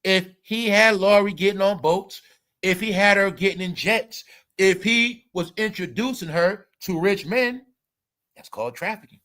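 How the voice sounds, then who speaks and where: A man hosts a livestream and rants about celebrity gossip in a high, bright, edgy voice. He swears freely, taunts viewers and keeps circling back to "all right" and "y'all." The delivery is combative and loud. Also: measured pace. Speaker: livestream commentator. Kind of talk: ranting celebrity gossip commentary.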